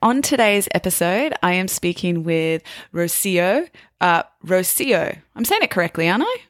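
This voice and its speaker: A woman hosting a podcast, speaking clearly and deliberately in a teacher voice for language learners. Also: lowish voice, sing-song, no room sound, clean studio sound. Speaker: podcast host. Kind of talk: casual interview, slow teacher voice.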